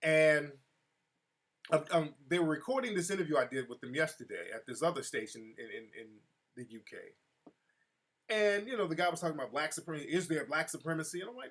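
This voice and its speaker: Guy hosting a live stream show, chatty and animated, kinda high voice, talks to the chat. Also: fairly quick. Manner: animated storytelling, addresses chat viewers by name. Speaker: show host.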